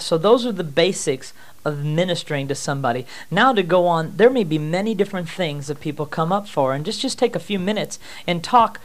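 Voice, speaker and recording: A man teaching a ministry team how to pray for people, emphatic and repeating himself. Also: a little high. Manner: emphatic, repeats "amen" and "first off".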